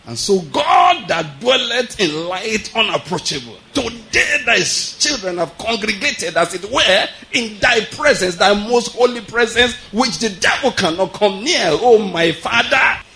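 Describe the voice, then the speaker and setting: A man parodying a showy churchgoer who leads prayer in grandiose, drawn-out archaic language. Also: sits high, sing-song, bright, forceful tone, voice pushed up, heavily acted.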